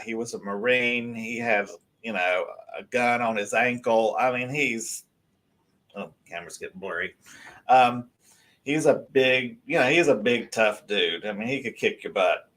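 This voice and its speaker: A man, telling a story as a guest on a live talk show, animated and rambling, with many restarts. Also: lowish voice, a little slow.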